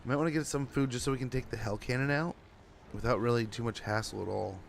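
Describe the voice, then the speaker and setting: A man's voice: mid-range voice, fast talker, vocal fry, a little hiss or hum. A young man giving casual, rambling, self-deprecating commentary while playing a strategy game. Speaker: gaming streamer.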